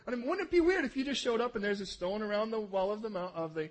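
A man's voice: extremely high pitch, fast talker, hardly any pauses. A man giving a conversational sermon in church, telling the story and asking his listeners rhetorical questions. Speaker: preacher.

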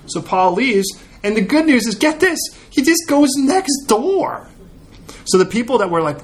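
A middle-aged man preaching a sermon as a pastor, telling stories with lively acted-out quotes. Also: high voice, normal speed, a little hiss or hum. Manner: animated storytelling, acts out quoted prayers.

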